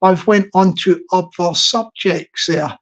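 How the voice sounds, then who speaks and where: A man's voice: sits high, slow pace. A middle-aged man with a Scottish accent chats loosely to his live-stream audience. He digresses and restarts his sentences. The audio sounds a little muffled and lo-fi. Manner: rambling and digressive, with frequent restarts. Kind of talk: casual live-stream chat. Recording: slightly dull lo-fi recording.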